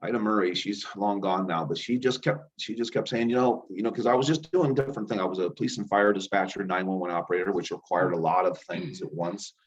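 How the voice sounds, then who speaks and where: A man's voice: low voice, fast talker, hardly any pauses. A man, a chiropractor and healer guest, telling rambling stories in a casual interview and acting out quoted dialogue. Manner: rambling, restarts often, acts out quoted dialogue. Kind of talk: conversational storytelling. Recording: dull lo-fi sound.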